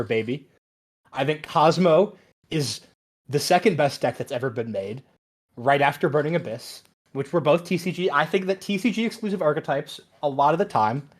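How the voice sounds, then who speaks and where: A young man co-hosting a casual card-game podcast, explaining his opinions with enthusiasm. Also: fairly high pitch. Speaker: podcast co-host.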